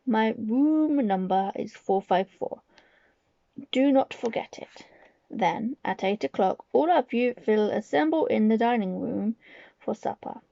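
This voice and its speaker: A woman reading aloud and voicing a commanding evil witch leader who barks orders slowly. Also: a little high, animated, vocal fry, warm tone, no echo, muffled recording. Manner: imperious, barking orders slowly.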